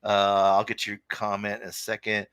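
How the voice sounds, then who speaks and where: Opinionated man with a bright, forceful voice. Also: fairly low pitch, monotone, moderate pace, clean tone, no echo, clean studio sound. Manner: opinionated, rambling, reads chat comments aloud. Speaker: podcast host. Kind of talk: casual live-stream sports talk.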